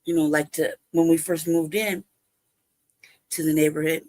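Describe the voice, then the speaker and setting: A woman's voice: deep voice, steady tone, moderate pace, a little mellow. A woman from Los Angeles telling a childhood story on a livestream call, swearing constantly and laughing often. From Los Angeles, California. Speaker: livestream guest. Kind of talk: casual storytelling.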